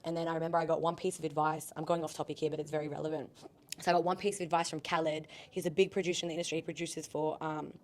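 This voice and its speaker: A woman's voice: sits low, flat delivery, racing. A young Australian woman, a rapper guest on a podcast, chatting casually with lots of "like" and wandering off on tangents. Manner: chatty, heavy use of "like", goes off on tangents.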